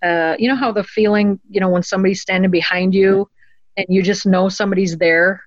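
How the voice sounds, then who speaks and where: A woman telling her own story in an interview, earnest and halting, often pausing on "um" and restarting her sentences. Her voice sits in an ordinary middle range. The recording is dry and a little dull, with no room sound. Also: medium pitch, fairly even intonation, no room sound. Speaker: guest telling a personal story. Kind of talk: conversational storytelling.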